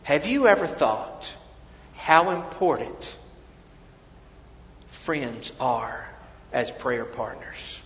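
A male pastor preaching a sermon, swinging between soft, hushed lines and loud emphatic ones and often repeating words as he restarts. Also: mid-range voice, lively intonation, extremely slow, creaky, a little hiss or hum. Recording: echoey hall, dull lo-fi sound.

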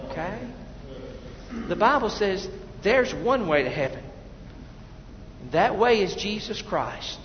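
In a church sanctuary, a very animated pastor with a high-sitting voice delivers an evangelistic sermon slowly, leaving long pauses. He moves between loud, urgent preaching and quiet prayer; the echoey hall comes across dull with a faint background noise.

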